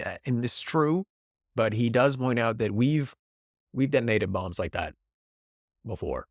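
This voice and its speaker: A man hosting a casual solo podcast, talking in an animated, sarcastic way and slipping into mock voices. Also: mid-range voice, normal speed, dry recording, studio quality. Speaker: podcast host.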